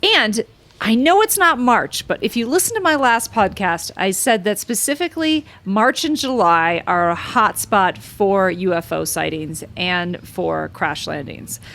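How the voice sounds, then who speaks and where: Podcast host, woman, casual and rambling, middle pitch, lots of ums. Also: measured pace. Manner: rambling, excitable, many fillers. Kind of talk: casual chat.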